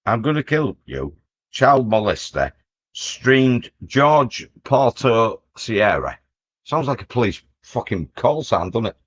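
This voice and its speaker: A man's voice: medium pitch, sing-song, slow, husky, lo-fi sound. A man co-hosting a casual live stream, bantering bluntly and reading out odd news stories. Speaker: co-host.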